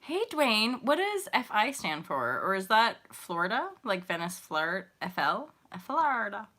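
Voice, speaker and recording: Bright-voiced giggly woman chatting live. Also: medium pitch, very animated, a little slow. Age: 30s. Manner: rambling, giggly, talks to viewers in chat. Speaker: host of a spiritual livestream show. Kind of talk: casual livestream chat.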